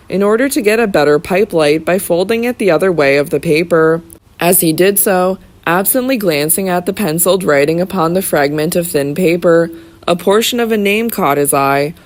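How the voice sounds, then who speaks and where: An audiobook narrator reading a classic novel in a measured, even storytelling manner. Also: medium pitch.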